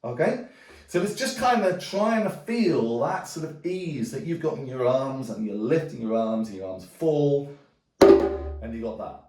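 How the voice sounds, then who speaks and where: Slow, mellow-voiced male drum teacher. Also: medium pitch, soft background music. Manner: relaxed, explanatory, checks in with "okay?". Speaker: djembe teacher. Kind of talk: demonstrating drum technique. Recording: roomy sound from a distance. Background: djembe drumming.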